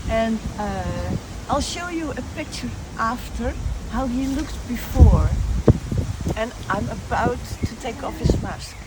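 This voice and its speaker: An eager Dutch-accented beautician gushes about her work in a slow, sing-song sales pitch, as a woman acts her out. Her voice is high and swoops widely, with loud noise behind it. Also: expressive, reverberant, far from the mic. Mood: soothing.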